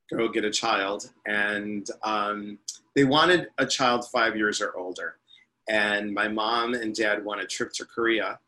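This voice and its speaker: A man's voice: on the low side, bright, forceful tone, poor audio. A man in his fifties, a spiritual teacher and interview guest, telling his life story in a chatty, rambling way. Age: 50s.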